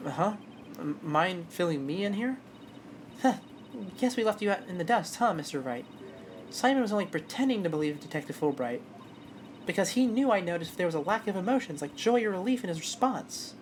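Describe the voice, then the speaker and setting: A woman's voice: on the low side, expressive, fairly quick, slight background noise, lightly acted. Woman doing an upbeat young lawyer woman. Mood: explaining. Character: energetic young woman defense attorney.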